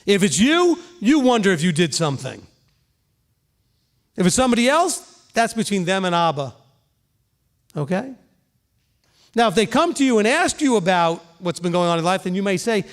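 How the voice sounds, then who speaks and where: High-voiced man preaching a conversational sermon. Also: big pitch swings, normal speed, long pauses. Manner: earnest, conversational teaching with frequent "okay?" check-ins. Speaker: pastor.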